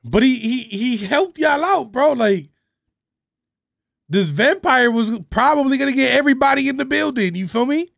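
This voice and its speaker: A man's voice: extremely high pitch, normal speed, gravelly, no room sound, faint music behind. A man hosting a reaction video, casually commenting in a slangy way. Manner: laid-back, excited outbursts, slang.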